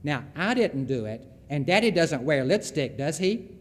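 A Southern man voicing a calm, patient young mother who speaks in a gentle, measured counselor tone. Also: fairly high pitch, long reverb tail. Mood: calm, coaxing.

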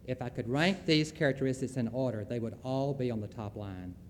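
A man's voice: medium pitch, fairly quick, a little mellow, big-room sound, slight background noise. A Southern man giving a folksy, emphatic lecture on Christian leadership, with storytelling asides.

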